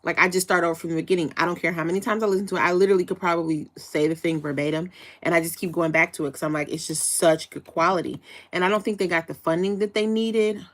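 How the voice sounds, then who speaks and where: A bubbly young American woman hosting a casual livestream, chatting with viewers and reading their comments. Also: quick pace. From United States. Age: young adult. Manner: bubbly, chatty, breaks into excited high squeals. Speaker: livestream host.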